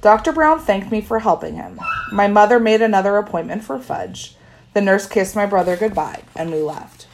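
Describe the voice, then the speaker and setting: A woman narrating a children's book in first person, expressive and storytelling. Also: mid-range voice, moderate pace, gravelly, a little hiss or hum. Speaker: audiobook narrator.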